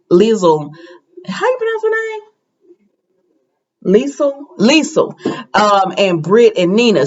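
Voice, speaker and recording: A woman's voice: on the low side, muffled recording. A woman casually recapping a soap opera episode, chatting and acting out the characters' lines in a raised voice.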